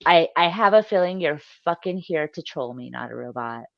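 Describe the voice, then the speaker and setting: Woman streamer, low-ish voice, teasing and crude, dry muffled voice-chat audio. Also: expressive, moderate pace, vocal fry, no echo. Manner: teasing, swearing, laughs often. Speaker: livestream host. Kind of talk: casual voice-chat banter. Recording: dull lo-fi voice chat.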